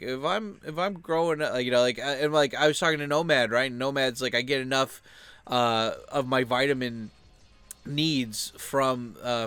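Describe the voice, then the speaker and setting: A man's voice: mid-range voice, sharp tone, clean tone, no room sound. A young man talking casually on his own channel, rambling loosely with lots of filler words. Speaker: channel host.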